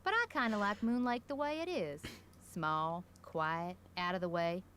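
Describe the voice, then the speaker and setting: A woman's voice: lowish voice, normal speed, fairly bright tone, a little hiss or hum, close to an everyday voice. An actress voicing a gossipy small-town shopkeeper woman in a video game, talking in a folksy rural drawl full of colorful slang. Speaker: general store owner.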